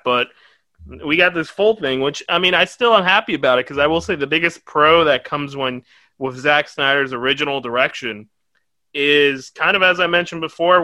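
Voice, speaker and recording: This young podcast host talks through a movie review in loose, rambling chat full of swearing and laughter. He has a fairly high, bright voice with a forceful tone, recorded without room sound.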